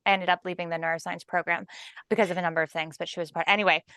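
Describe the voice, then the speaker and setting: A woman's voice: lowish voice, fairly even intonation, rapid-fire, pushed and bright, clear, resonant tone, dry recording. Woman host gabbing on a podcast, lots of "like", dry mic. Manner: chatty, laughs often, many fillers. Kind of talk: casual chat.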